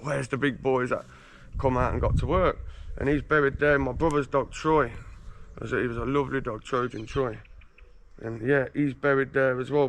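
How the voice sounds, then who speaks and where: A man's voice: mid-range voice, fairly bright tone, clean tone. A man from England telling boastful stories in a casual, slangy street interview, swearing freely while standing outdoors on a residential street.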